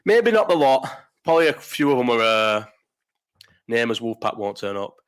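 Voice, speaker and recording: A man's voice: medium pitch, sing-song, normal speed, clear, resonant tone. A young man hosting a casual live chat, blunt and rambling, swearing freely and restarting his sentences. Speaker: live stream host.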